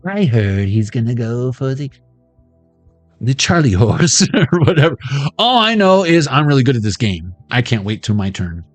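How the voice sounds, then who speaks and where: A man's voice: mid-range voice, big pitch swings, normal speed, no echo, soft background music. A man hosting a casual tarot reading video, rambling and joking with casual swearing. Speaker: tarot reader. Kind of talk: casual intuitive reading vlog.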